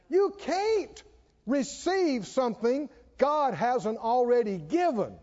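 High-voiced man preaching in a reverberant hall. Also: very animated, slow pace, darkish tone. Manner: dramatic storytelling with acted-out voices; repetitive, emphatic preaching cadence. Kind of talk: sermon. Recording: dull sound with long hall reverb.

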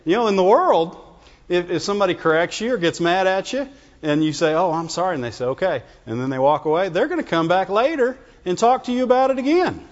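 Speaking a little fast in a high-pitched, expressive voice, a pastor gives a conversational sermon in a church sanctuary. He keeps asking his congregation "Amen?" and "Right?", and the recording is dull with plenty of reverb.

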